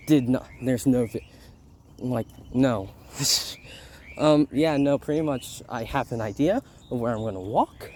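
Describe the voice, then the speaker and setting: A young man with a mid-range, dark-toned voice hosts a casual vlog on a neighborhood walk outdoors. Slightly sick, he rambles and interrupts himself with frequent laughs while birds and a barking dog are heard behind him. There's a little hiss or hum in the recording.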